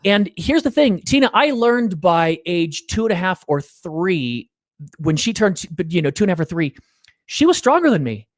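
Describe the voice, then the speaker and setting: A middle-aged man tells stories in an earnest, animated way. His pitch swings widely, often sinking low for emphasis, and the sound is dry and close. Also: moderate pace, no echo. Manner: earnest, animated, drops low to make a point. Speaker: interview guest, parenting author. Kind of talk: animated storytelling in an interview.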